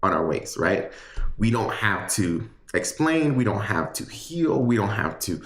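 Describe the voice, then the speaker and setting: A man's voice: fairly low pitch, sing-song, measured pace, reverberant. A man giving a casual livestream tarot reading, chatty and rambling with many fillers and restarts. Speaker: tarot reader.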